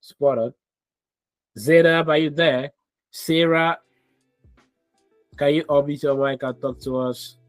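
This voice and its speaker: A man's voice: a little high, steady tone, slow, pauses often, dry recording, soft background music. A man teaching business analysis in a live online class over a video call, calling students by name and coaxing them to speak. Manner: coaxing, repeats names and prompts.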